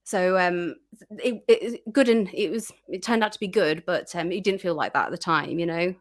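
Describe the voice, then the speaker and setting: A woman's voice: fairly low pitch, normal speed. A woman guest chatting casually in an interview, full of fillers and restarts, acting out her own reactions.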